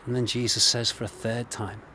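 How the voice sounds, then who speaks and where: A man's voice: mid-range voice, little pitch movement, a little fast, noisy background. Earnest English man preaching a sermon. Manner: earnest, gently emphatic, repeats phrases. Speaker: minister. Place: indoors, recorded for online service.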